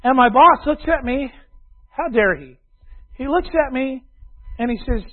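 Guy preaching a story-style sermon, pretty high voice, sounds like a tinny radio line. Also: very animated, moderate pace, long pauses. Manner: storytelling, confessional, swings from loud to quiet. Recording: tinny phone-like radio broadcast.

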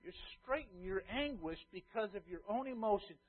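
A man preaching a sermon as a pastor, emphatic, swinging between loud stress and quiet asides. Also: high-pitched, lively intonation, normal speed. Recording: tinny phone-like sound.

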